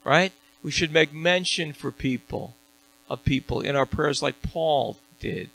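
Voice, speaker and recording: A pastor preaching in a church, his gravelly voice bright and cutting, pitched a little high for a man. He drives his points with punchy questions and answers them himself. A faint mains hum sits under the recording. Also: a little slow, poor audio. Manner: preaching with rising, emphatic call-and-response questions. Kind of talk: sermon. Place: church sanctuary.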